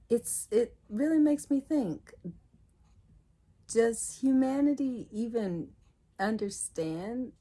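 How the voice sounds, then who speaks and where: A woman's voice: on the high side, warm tone, slightly rough. A woman talking casually and reflectively to her viewers, laughing often and acting out what other people said to her. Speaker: video host.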